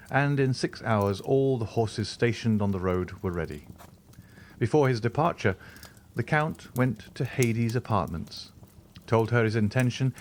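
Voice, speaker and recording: A man narrating a classic novel as an audiobook, in steady storytelling. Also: lowish voice, slight background noise. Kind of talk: scripted narration.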